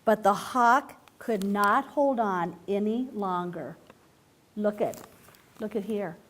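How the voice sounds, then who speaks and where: A woman reading a picture book aloud to a group of children, playful and animated, stopping often to ask them questions. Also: medium pitch, takes it slowly, a little hiss or hum. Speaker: children's storyteller.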